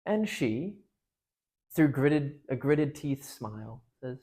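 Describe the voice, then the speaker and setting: Chatty parish storyteller, animated, keeps restarting sentences. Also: mid-range voice, slow, slightly rough. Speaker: speaker at a parish gathering. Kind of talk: retelling a story to a group.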